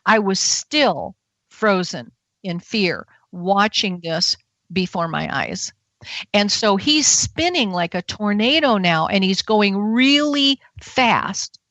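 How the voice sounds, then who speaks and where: A woman's voice: mid-range voice, lively intonation, slow pace, fairly bright tone, dry recording, muffled recording. A woman guest on a talk radio show, telling a personal story with animation and acting out her own frightened thoughts.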